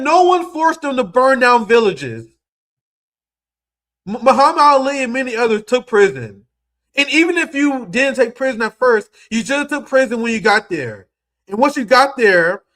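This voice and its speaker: A man's voice: very high-pitched, fairly bright tone. A young man giving heated, profane political commentary as a streamer, mocking and ranting at his audience.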